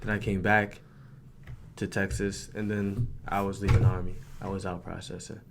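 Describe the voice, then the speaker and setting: A man's voice: low voice, little pitch movement, moderate pace, gravelly, a little hiss or hum. A young man from New York, a podcast guest, talking casually with many fillers and repeated "like" and "you know what I'm saying". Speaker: guest, rapper and former soldier. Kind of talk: casual interview chat.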